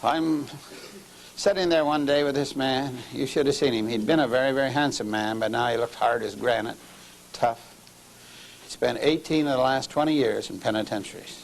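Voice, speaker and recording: A middle-aged man preaching a sermon, telling a story and dropping to low murmurs before raising his voice for emphasis. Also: normal speed, creaky, rough recording.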